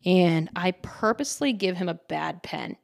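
A podcast host tells a casual story in her own show, chatty and giggly, packing in "like" fillers and dramatizing with lively, playful quoted voices. Her lowish voice has vocal fry and a measured pace, recorded in studio quality with no echo.

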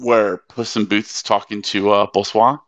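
A book podcast co-host chats casually in a lowish, flat voice at a moderate pace, with some hesitant fillers as he reads quotes aloud. His dry recording comes through a dull, lo-fi mic.

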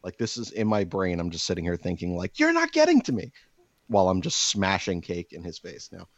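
Deep-voiced man venting on a podcast. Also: fairly quick, dry recording. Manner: rambling, profane, venting with mock-calm outbursts. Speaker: podcast host. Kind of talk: casual chat. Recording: dull dry lo-fi audio.

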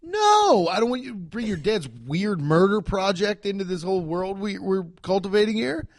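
Animated joking man, dry close mic. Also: sits high, moderate pace, no echo. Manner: joking, swearing, riffing with sudden loud bursts. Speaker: podcast co-host. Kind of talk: casual comedic chat.

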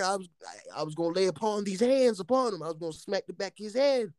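A young man from the United States telling a story in casual chat, animated and profane, often laughing. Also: high voice, fast talker.

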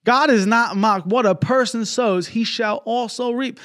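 A man with a notably high voice preaches in a fervent, story-driven way, quoting conversations and breaking in with praise. He moves into an appeal for giving to his traveling ministry over a broadcast. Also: unhurried, few pauses, a bit bright. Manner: fervent, peppered with exclamations of praise; storytelling with quoted dialogue.

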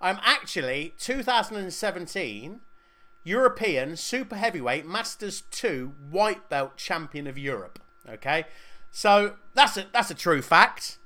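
A man's voice: high-pitched, big pitch swings, a little slow, sharp tone. A man co-hosting a podcast, joking and swearing through casual banter. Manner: jokey, swears a lot. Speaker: podcast co-host.

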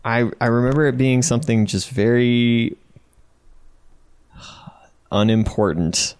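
A man's voice: mid-range voice, slow pace, a little mellow, clean tone, dry recording. A man co-hosting a casual chat, making playful jokes and guesses. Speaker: podcast co-host.

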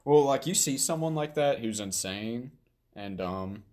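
A man co-hosting a podcast in casual chat, joking and quick to laugh. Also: medium pitch, animated, a little mellow. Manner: joking, quick to laugh, does silly voices.

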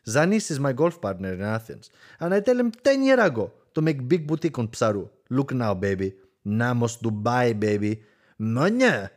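A man's voice: fairly low pitch, natural voice. A man putting on a cocky Greek island playboy. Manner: boastful, crude, broken English. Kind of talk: comic character monologue.

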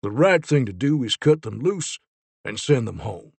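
A man's voice: medium pitch, very animated, moderate pace, creaky, darkish tone, no echo. A man voicing Zeke, an earnest male Time Ranger explaining and defending a case, in a storybook reading. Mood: urgent. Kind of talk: storybook character voice.

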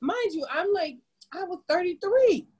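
A woman in her forties from the Caribbean, a podcast guest telling her story in an animated, expressive way. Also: unhurried, over a noisy crowd, rough recording. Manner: animated, expressive storyteller with big pitch jumps. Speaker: podcast guest, business owner. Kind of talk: casual conversational storytelling.

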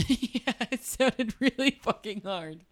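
A woman's voice: fairly high pitch, animated, takes it slowly. Frank, profane podcast host woman. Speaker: podcast co-host reading a listener story. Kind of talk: casual comedic chat and story reading.

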